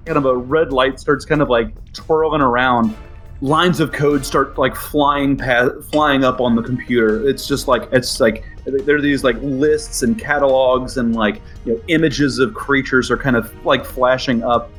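A man's voice: mid-range voice, steady tone, unhurried, fairly bright tone, faint music behind. A man narrating as the game master of a tabletop role-playing game, speaking casually with many fillers and building drama.

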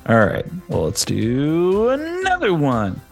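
A man's voice: on the high side, huge pitch swings, takes it slowly, vocal fry, music in the background. A man playing a tabletop game on a video call, easygoing and chuckling as he rolls. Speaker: player. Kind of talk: casual tabletop play.

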